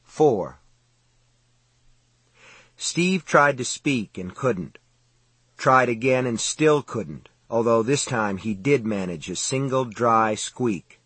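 A man narrating a horror audiobook in a measured, suspenseful reading style, close to the mic. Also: mid-range voice, lively intonation, a bit bright, slightly rough, no echo.

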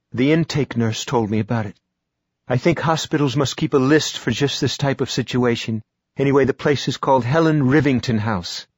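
A man's voice: medium pitch, breathy edge, dry recording, clean studio sound, voice pushed up, close to an everyday voice. A man reading an audiobook, voicing a grieving, exhausted woman who talks in a strained but firm way.

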